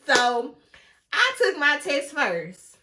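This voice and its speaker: A young woman telling a casual storytime vlog, animated and often laughing, talking straight to her viewers. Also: fairly high pitch, unhurried, noisy background. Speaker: vlogger.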